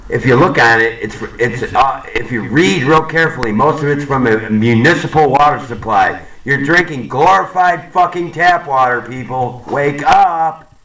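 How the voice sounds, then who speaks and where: A man's voice: medium pitch, normal speed, fairly bright tone, echoey room, far from the mic, rough recording. A man ranting angrily to camera, swearing and repeating himself, in a profane monologue. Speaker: vlogger. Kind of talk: profane conspiracy rant to camera.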